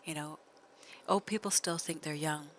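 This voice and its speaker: A woman in her late fifties, streaming a game and chatting in a soft, half-whispered, slow and gentle way. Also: low voice, a little hiss or hum, rough recording. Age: 50s. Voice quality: even, gentle delivery. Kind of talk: casual chat while gaming.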